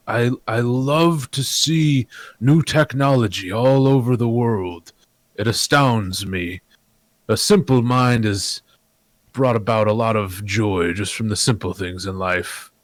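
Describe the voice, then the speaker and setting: A man playing a tabletop game talks in character, laying on flowery, pompous politeness. His pitch sits in the middle range and the sound is dry and close. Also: slow pace, no room sound. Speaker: player. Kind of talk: tabletop role-play.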